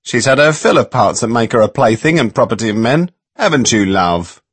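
A man's voice: medium pitch, expressive, brisk, breathy edge, dry recording. A man voicing a sulky, self-righteous young woman with a whine in her voice, in a storybook reading. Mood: whining.

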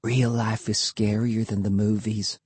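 A man voicing a bold young girl in an audiobook who teases and lowers her voice to talk about scary things. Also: animated, unhurried, slightly rough, no echo. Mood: hushed. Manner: teasing, insistent, drops to a hush for scary talk. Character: bold, spooky-minded young girl with a teasing edge. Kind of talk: audiobook character voice.

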